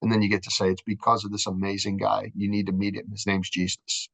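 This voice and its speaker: Man, fervent charity guest, slightly low, bright forceful tone, very dry sound. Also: completely flat delivery, fast, gravelly, no room sound, rough recording. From Minnesota, USA. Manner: fervent, repeats words, acts out voices. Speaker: charity marketing executive, guest. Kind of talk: faith-driven interview talk.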